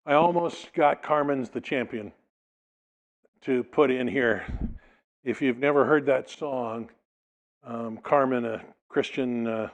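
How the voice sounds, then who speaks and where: A man's voice: medium pitch, poor audio. A male pastor preaching a sermon, reading a passage aloud and explaining it, sometimes acting out the people in it. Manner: expository preaching, reads scripture then explains it, dramatizes quotes.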